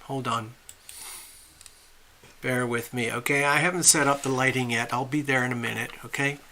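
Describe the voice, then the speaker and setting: A man from the USA runs a casual live stream at home, setting up while he greets viewers by name, reads their comments, and rambles amiably. His medium-pitched voice is steady, pushed, and bright at a moderate pace, with a little hiss or hum in the audio.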